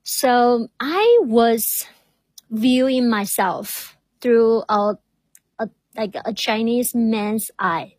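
A woman speaks in an earnest, reflective way, stuttering by repeating whole words and restarting. Her voice is fairly high, and her pace is slow and measured. The recording is dry and close. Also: a little mellow, no echo, poor audio. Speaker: doctoral student guest. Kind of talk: reflective interview talk.

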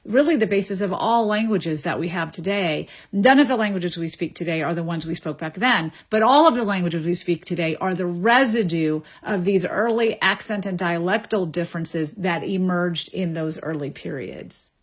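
A woman, a linguist guest, answering interview questions in a measured, lecturing way and repeating words as she thinks. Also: lowish voice, husky. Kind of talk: explanatory radio interview answers.

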